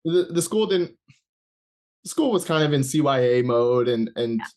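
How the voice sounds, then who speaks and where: An interview guest, a man with a mid-range, animated and slightly mellow voice, tells a personal story conversationally. He halts often, restarts and uses lots of fillers, and laughter slips into his speech.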